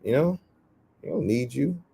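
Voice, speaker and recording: A man's voice: medium pitch, animated, unhurried, vocal fry, mellow, slight background noise. A man teaching scripture in a casual, streetwise way with lots of slang, acting out the voices of the people in the story. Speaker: street preacher.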